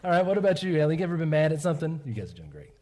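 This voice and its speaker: A pastor delivers a children's message at church in a rather high, rapid-fire voice. He's animated, quizzing the kids and tacking "right?" onto his points to check in with them.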